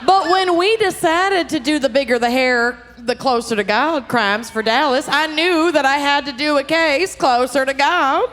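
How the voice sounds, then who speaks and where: A woman with a Minnesotan accent tells a true-crime case to a live crowd, animated and joking, her voice a touch high. The sound has a long hall reverb and faint background noise from the live venue. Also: moderate pace, few pauses. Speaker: podcast co-host presenting a case. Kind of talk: comedic true-crime storytelling before a live audience. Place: live theater show.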